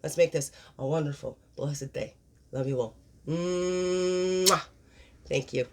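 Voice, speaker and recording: A woman's voice: rumbling low, steady tone, moderate pace, slight background noise. Reflective woman giving a daily card reading. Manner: reflective, asks many questions, warm encouragement. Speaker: spiritual guidance host.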